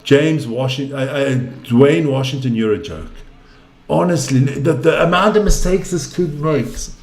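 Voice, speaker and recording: A man's voice: medium pitch, unhurried, gravelly. A man giving casual live commentary on a basketball game, exasperated and ranting, swearing freely. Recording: echoey room.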